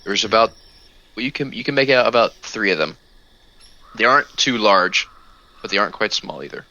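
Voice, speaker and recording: Male game master, crisp, forceful tone, steady descriptive narration; dull, muffled recording. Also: fairly low pitch, brisk.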